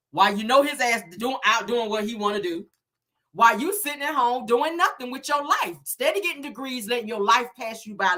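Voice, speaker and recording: A woman's voice: a little high, bright, forceful tone. Sassy, blunt woman reviewer. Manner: sassy, blunt, cussing, slangy. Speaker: reality show reviewer. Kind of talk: casual commentary recap.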